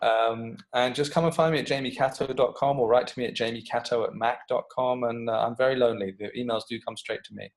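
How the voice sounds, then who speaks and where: Animated swearing storyteller man. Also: mid-range voice, fast talker, hardly any pauses, rough recording. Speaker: guest, creativity coach. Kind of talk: casual podcast interview.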